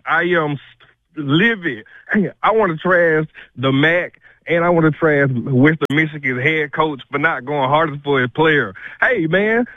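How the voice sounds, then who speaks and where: Man, high voice, out of breath, livid rant, tinny phone line, dry sound. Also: dry recording. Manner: livid, rapid ranting. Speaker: caller. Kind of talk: call-in rant.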